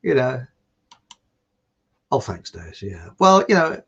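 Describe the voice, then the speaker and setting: A man's voice: medium pitch, sing-song, takes it slowly, vocal fry, fairly bright tone, husky, lo-fi sound. A man hosting his own online show in a casual, rambling way, joking and reading out viewer comments. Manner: jokey, laughs at his own quips, reads out viewer comments. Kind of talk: casual rambling live-stream talk.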